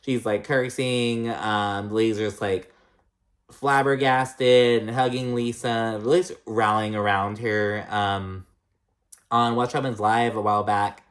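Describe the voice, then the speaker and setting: A man giving a casual recap of a reality TV episode. He talks loosely and swears a lot, fills his sentences with "like", and jumps between high and low pitch when he reacts. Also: fairly even intonation, measured pace, a bit bright. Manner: chatty and profane, heavy use of "like".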